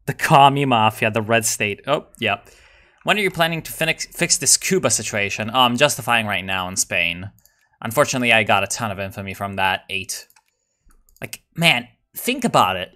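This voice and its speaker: Brief: young male gamer, bright and forceful tone, swears a lot, casual rambling play commentary. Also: fairly low pitch, normal speed. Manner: swears a lot, excitable, jokey; muses aloud with frequent fillers and laughs. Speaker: gamer playing a strategy game.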